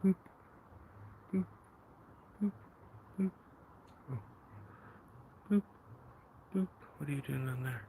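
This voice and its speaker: A man with an Irish accent hosting a casual live gardening walkthrough, soft-spoken and mumbly, often half-whispering to his plants and insects. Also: a little high, slow, gravelly, pauses often. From Ireland. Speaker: gardening livestream host. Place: outdoor vegetable garden. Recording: noisy outdoor livestream audio.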